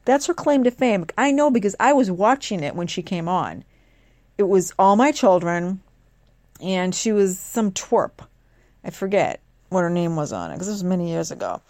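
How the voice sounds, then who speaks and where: A woman's voice: fairly low pitch, animated, moderate pace, darkish tone, no room sound, studio quality. Chatty sarcastic woman host. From northeastern United States. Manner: chatty, sarcastic, rambling asides. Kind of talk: casual chat.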